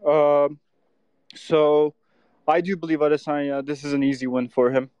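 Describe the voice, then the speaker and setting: A man's voice: fairly high pitch, level tone, normal speed, a little mellow, clean tone, dry recording, highs cut off. A man calling in to ask the host a question, speaking hesitantly. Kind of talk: asking a question.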